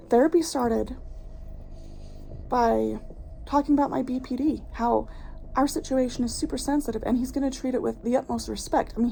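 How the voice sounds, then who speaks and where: A woman's voice: a little high, gravelly, mellow, a little hiss or hum, rough recording. A woman vlogger telling a personal story in a blunt, passionate, candid way, swearing freely. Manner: candid, recounting events with strong feeling. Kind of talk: casual vlog storytime.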